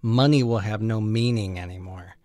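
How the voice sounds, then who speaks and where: A man's voice: lowish voice, moderate pace, darkish tone, dry recording, clean studio sound. A man hosting a podcast, talking earnestly and laughing easily. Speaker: podcast host. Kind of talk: casual podcast chat.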